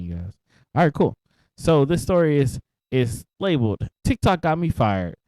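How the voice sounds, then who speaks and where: A man's voice: medium pitch, darkish tone, clean tone, dry recording. Laid-back laughing man, dry close sound. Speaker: podcast co-host. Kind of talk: casual chat.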